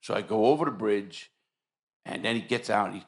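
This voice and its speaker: A man hosting a podcast, telling a story in casual chat, animated and profane, acting out what people said. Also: on the low side, a little fast, creaky. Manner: profane, animated storyteller who acts out quotes. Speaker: podcast host.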